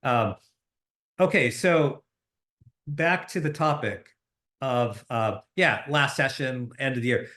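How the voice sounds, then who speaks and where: A man's voice: mid-range voice, slow, pauses often, pushed and bright. A middle-aged man hosting a podcast, talking casually about mentorship with frequent fillers and restarts. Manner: conversational, many fillers and restarts. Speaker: host.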